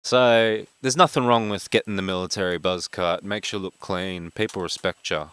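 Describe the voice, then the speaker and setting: A man in his twenties from Australia with a broad Western Sydney accent, a game streamer who talks fast and rambles with many fillers in casual chat. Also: low-pitched, steady tone, fairly bright tone, smooth, no echo. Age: 20s.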